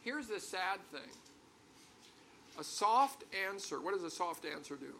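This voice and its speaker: An older male pastor delivering a sermon. His voice sits fairly high and sounds very bright, with a gravelly rasp. He talks like he's telling stories to friends, then drives up to forceful, emphatic peaks. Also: very animated, measured pace, slight background noise. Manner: conversational, storytelling, building to emphatic peaks.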